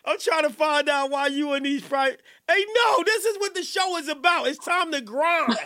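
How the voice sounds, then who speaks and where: Male podcast host, very high and bright voice, rowdy, laughs and shouts a lot. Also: normal speed. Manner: excitable, laughs and shouts, keeps saying hold on. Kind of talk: rowdy live podcast chat.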